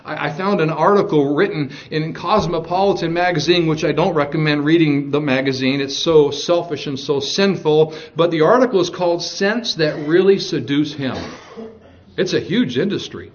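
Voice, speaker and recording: A man's voice: fairly high pitch, normal speed. A man preaching a sermon in a slightly raised voice, reading verses and stopping for jokes and stern warnings. The recording is dull and lo-fi. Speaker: pastor.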